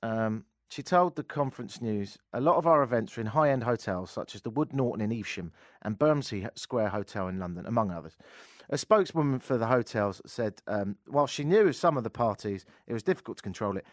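A man's voice: mid-range voice, animated, fairly quick, no echo. A man hosting a radio talk show from a studio mic, reading odd news stories and cutting in with sarcastic, jokey asides. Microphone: studio microphone.

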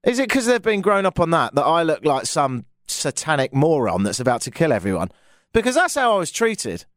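A man's voice: a little high, big pitch swings, fairly quick, a bit bright, no echo, studio quality. A British man hosting a talk radio show, telling rambling stories with wry, exasperated asides. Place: radio studio.

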